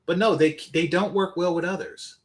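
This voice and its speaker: A man's voice: sits high, steady tone, normal speed. A man hosting a reaction commentary, blunt, profane and scornful as he reads comments. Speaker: commentary channel host.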